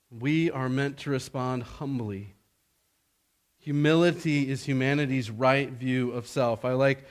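Deliberate and slow, a man gives a sermon; pressing a point pushes his voice higher and more forceful.

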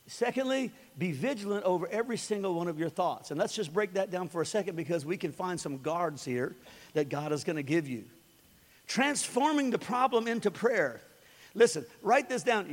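A man with a high, light voice preaches to a congregation and keeps it conversational. He hammers his key lines by repeating them. The sound carries a long hall reverb. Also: lively intonation, brisk. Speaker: pastor. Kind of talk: sermon.

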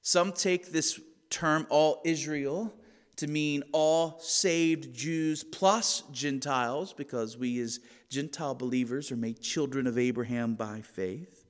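A man preaching an expository sermon, teaching deliberately and leaning hard on key words. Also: a little high, in a large hall. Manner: earnest, deliberate teaching with emphatic stresses.

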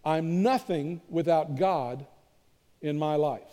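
A man pastor preaches in a casual, self-deprecating way, often repeating words as he goes. His voice sits fairly high but sounds warm and mellow. A long reverb trails his words around the church sanctuary. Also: takes it slowly. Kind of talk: sermon.

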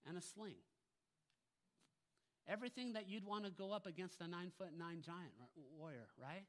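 Man, pastor, sermon, forceful bright tone, slightly high voice, emphatic, rhetorical questions. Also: expressive, normal speed.

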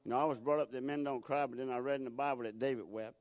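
A man preaching a sermon as a guest speaker, telling folksy stories, repeating words and building to loud emphatic peaks. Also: mid-range voice, steady tone, rapid-fire, no room sound.

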